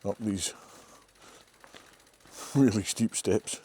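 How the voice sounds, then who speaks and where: Older Scottish man, low mellow voice, wry self-mocking vlog chatter outdoors with faint noise behind. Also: very slow. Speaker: race course sweeper. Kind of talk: casual vlog narration while cycling. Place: outdoors on a coastal trail.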